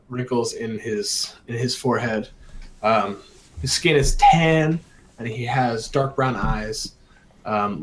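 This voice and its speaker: A man's voice: medium pitch, a little hiss or hum, rough recording. A man narrating as game master for a tabletop game in a loose, hesitant way full of fillers.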